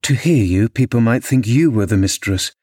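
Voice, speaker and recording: A man reading an audiobook, voicing a proud, passionate young lady of the manor who speaks in an imperious, sharp way. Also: medium pitch, animated, moderate pace, breathy edge, no echo, studio quality.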